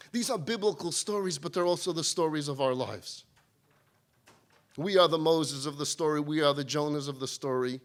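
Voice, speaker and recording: A man's voice: high-pitched, a bit bright, clean tone. A man giving a rabbi's talk, telling humorous stories with a sermon's message. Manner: humorous storytelling.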